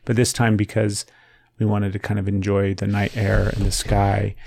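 A man co-hosting a podcast, chatting in a gentle, reassuring, easygoing way. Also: on the low side, monotone, normal speed, creaky, a little hiss or hum. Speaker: podcast co-host. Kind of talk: casual podcast chat.

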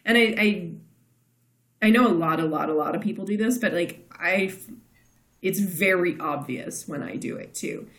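A woman from Kansas with a flat Midwestern accent and a Texas drawl, chatting and laughing easily as a podcast co-host, with some vocal fry. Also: fairly low pitch, normal speed. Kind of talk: casual chat over wine. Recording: roomy echo.

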